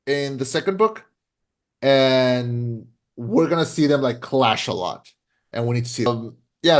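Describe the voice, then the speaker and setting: A young man hosting a podcast in casual chat, rambling with lots of "like" and restarting his sentences. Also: medium pitch. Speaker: podcast host.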